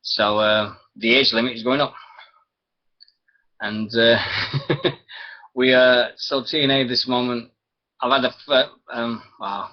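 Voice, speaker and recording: This British host of a one-man internet wrestling radio show has a sore throat, rambling, chuckling and drifting off his point. His mid-range voice stays fairly even in intonation, slow and marked by long pauses, over dull lo-fi stream audio.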